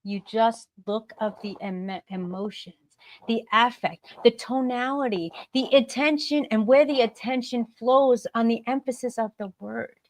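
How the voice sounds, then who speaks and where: A woman from the United States giving an animated motivational talk as a guest on a live stream, shifting her tone to act out examples. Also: a little high, unhurried. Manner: animated, acts out example remarks in varied tones. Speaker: guest speaker. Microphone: video call.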